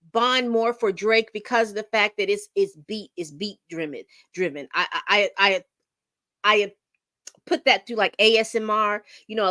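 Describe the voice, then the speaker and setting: A woman's voice: mid-range voice, bright, forceful tone, dry recording, studio quality. A middle-aged woman hosting a casual livestream, rambling and reading chat comments aloud. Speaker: livestream host.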